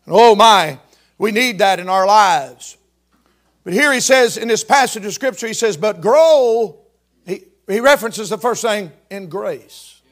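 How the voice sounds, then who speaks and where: A man in his fifties preaching a sermon with fervent delivery that swells into shouts and whoops. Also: high voice, animated, measured pace. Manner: fervent Southern-style preaching, rising to shouts.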